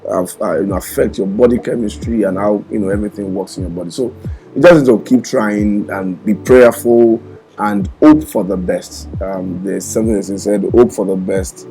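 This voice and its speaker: A man offers earnest encouragement on a couple's vlog. He speaks in a somewhat low voice, halting with frequent fillers. Music plays clearly in the background. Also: steady tone, dark tone, rough recording. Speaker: co-host, husband. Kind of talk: casual advice.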